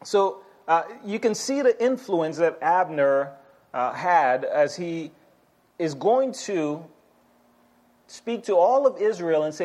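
A man teaching a sermon in a loose, conversational way. His voice sits a little high, and he often restarts and repeats words as he explains a passage. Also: big pitch swings, slow pace, darkish tone. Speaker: pastor.

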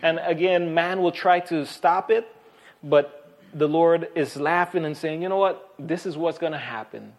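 A man's voice: on the high side, a little slow. A man preaching a Bible sermon in a conversational way, with frequent restarts and fillers. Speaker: pastor.

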